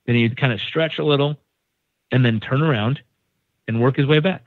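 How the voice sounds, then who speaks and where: A man's voice: mid-range voice, normal speed, no echo. A man from San Diego telling a story as a podcast guest, acting out the people in it. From San Diego, United States. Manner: animated storyteller, acting out quoted voices. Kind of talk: casual storytelling. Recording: dry, phone-like narrow sound.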